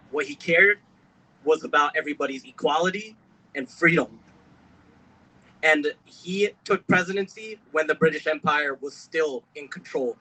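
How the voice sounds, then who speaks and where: Young man, rally speech, emotional, high bright voice, shouting outdoors. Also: low-quality recording. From Pennsylvania. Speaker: protest speaker. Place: outdoor street protest.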